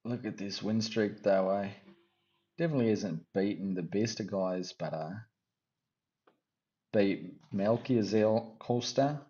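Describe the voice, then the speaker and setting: A man's voice: lowish voice, slow pace, pauses often, dark tone, highs cut off. A man hosting casual fight predictions, rambling and teasing with jokey asides. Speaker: MMA fight-picks host.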